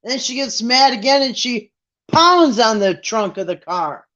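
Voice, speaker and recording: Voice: medium pitch, animated, measured pace, a bit bright, dull audio. A live streamer in casual chat, rambling through a story and acting out what others said. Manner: rambling storyteller who acts out quotes. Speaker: live streamer greeting viewers.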